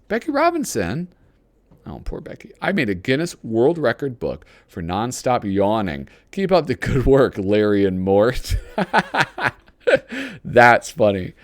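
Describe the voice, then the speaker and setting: A male host with a medium-pitched voice rambles casually while flipping through a magazine, reading snippets aloud and often making fun of himself. There's no echo in the recording.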